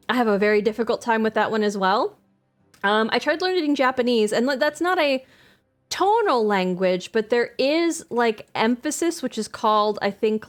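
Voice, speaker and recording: A woman streaming a game live, chatting casually in a rambling, enthusiastic way, full of filler words and self-corrections, laughing often. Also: fairly high pitch.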